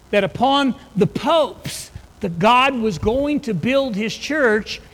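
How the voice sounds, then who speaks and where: A man's voice: sits high, a bit bright. A man preaching a sermon, talking conversationally with restarts and rising with emphasis when he quotes scripture. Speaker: pastor. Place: church sanctuary. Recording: long reverb of a large hall.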